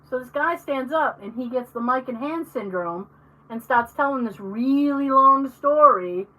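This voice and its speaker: A woman co-hosting a podcast in casual chat, telling animated stories, acting out the people she quotes and swearing freely. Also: high voice, a little slow, far from the mic, low-quality recording. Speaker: podcast co-host.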